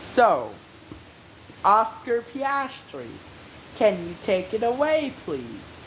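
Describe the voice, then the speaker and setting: Woman rambling thru a vlog explainer, super slow, voice jumps up n down a lot. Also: on the high side, sing-song, a little hiss or hum, poor audio. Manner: rambling, meandering. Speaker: vlog host. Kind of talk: casual explainer.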